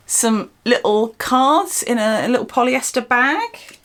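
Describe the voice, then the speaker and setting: A woman's voice: a little high, lively intonation, a little slow, fairly bright tone, slight background noise. An older woman, hosting an unscripted casual product review in a rambling, dry and sarcastic way. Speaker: channel host reviewing products.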